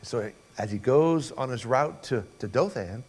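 A man preaching a sermon and retelling a story with lively, dramatic delivery. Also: medium pitch, a little slow, husky. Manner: dramatic storytelling that acts out voices.

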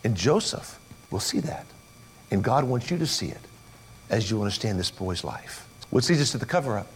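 A man preaching a sermon and retelling a story with lively, dramatic delivery. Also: lowish voice, moderate pace, a little hiss or hum. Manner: dramatic storytelling that acts out voices.

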